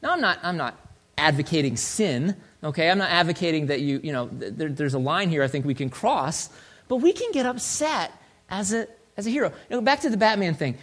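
A male pastor preaching a sermon in a conversational, joking way, swinging between loud and soft. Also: fairly high pitch, animated, fairly quick.

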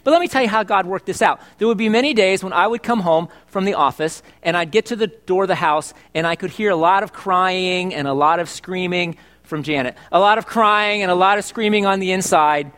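A man's voice: sits high, a little fast, few pauses, a bit bright. A middle-aged male pastor preaching a sermon in church, chatty and joking, asking his congregation questions. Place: church service.

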